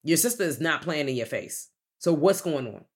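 Her voice is low and slightly rough, at normal speed, as this woman co-hosting a podcast relays a movie's plot in casual chat. She brings the story to life by acting out the characters' lines.

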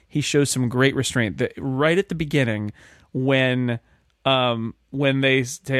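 A man's voice: medium pitch, moderate pace, no room sound, studio quality. Rambling male podcast co-host. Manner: rambling, restarts, animated asides. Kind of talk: casual chat about a film.

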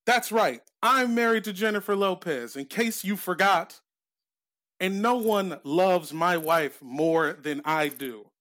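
High-voiced man co-hosting a comedy podcast. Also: expressive, slow pace, fairly bright tone. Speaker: podcast co-host. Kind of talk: casual comedic podcast chat.

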